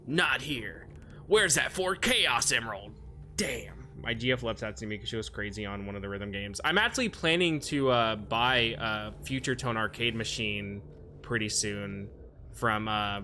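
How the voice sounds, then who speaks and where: Bright-voiced male game streamer. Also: on the low side, measured pace, soft background music. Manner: yells at the game in frustration, then chats with viewers. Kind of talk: casual gaming stream chat.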